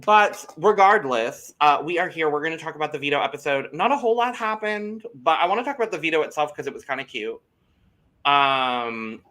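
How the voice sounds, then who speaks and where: A man co-hosting a casual reality TV podcast, animated and gossipy, swearing freely. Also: mid-range voice. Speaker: podcast co-host. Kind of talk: casual chat.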